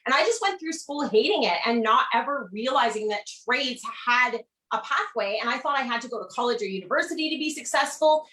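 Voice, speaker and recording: A woman's voice: fairly high pitch, expressive, fairly quick, sharp tone. A woman ironworker who is a guest on a video-call interview, talking enthusiastically and laughing often. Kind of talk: casual interview over video. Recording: roomy echo.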